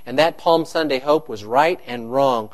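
A man preaching a sermon to his congregation, animated and joking with the listeners. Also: medium pitch, measured pace. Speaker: pastor.

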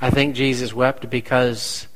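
A man preaching a sermon as pastor, slow and deliberate, asking the congregation rhetorical questions. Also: medium pitch, flat delivery, fairly bright tone, low-quality recording.

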